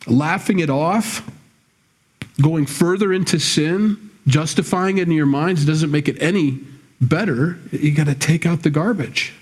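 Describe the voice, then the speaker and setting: A male pastor preaches to his congregation in a church, speaking plainly and conversationally before building to emphatic, scolding bursts. His voice is fairly high, a little mellow and slightly rough.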